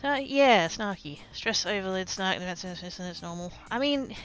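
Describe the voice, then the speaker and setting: A woman's voice: mid-range voice, lively intonation, a little slow, a bit bright, clean tone, faint music behind. An Australian woman livestreaming, telling a story in rambling casual chat, swearing freely and poking fun at herself.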